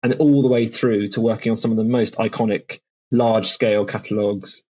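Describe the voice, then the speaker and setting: A man's voice: fairly low pitch, fairly even intonation, fairly quick, warm tone, breathy edge, dull audio. A man, a music publishing founder, telling stories in a chatty podcast interview with lots of restarts and fillers. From England.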